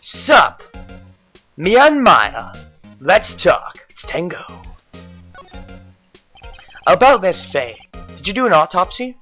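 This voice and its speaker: A man's voice: sits high, sing-song, slow, long pauses, bright, forceful tone, soft background music, exaggerated voice. A man voicing an earnest, flustered young defense lawyer who stammers his protests.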